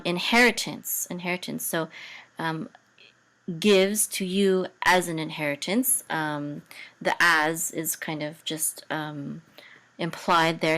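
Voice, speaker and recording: Slow, hesitant woman teaching chant. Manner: hesitant, many ums and self-corrections; breaks into higher, louder chant on trope names. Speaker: Hebrew and Torah chanting teacher. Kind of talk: casual lesson with chanted examples.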